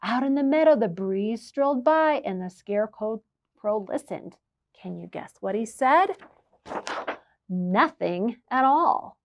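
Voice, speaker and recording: A woman's voice: a little high, unhurried. A woman who works as a children's librarian, reading a picture book aloud and asking her listeners questions as she goes. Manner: expressive storyteller who asks listeners questions.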